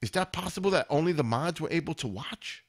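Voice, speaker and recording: A man's voice: on the high side, lively intonation, fairly quick. A man hosting his own live stream, chatting casually and rambling as he talks straight to viewers in chat.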